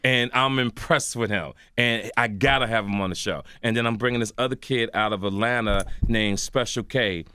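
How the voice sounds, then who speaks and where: An older man, a guest comedian on a radio show, telling stories excitedly, slipping into other people's voices and laughing while he talks. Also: medium pitch, moderate pace, few pauses, slight background noise. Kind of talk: animated radio interview storytelling. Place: radio studio.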